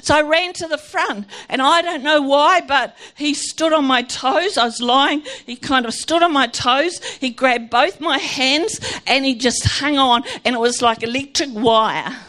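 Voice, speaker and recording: A woman's voice: sits high, a little slow, hardly any pauses. A woman sharing a fervent Christian testimony, telling stories and acting out what people said. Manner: fervent, animated storytelling with acted-out quotes. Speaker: Christian speaker.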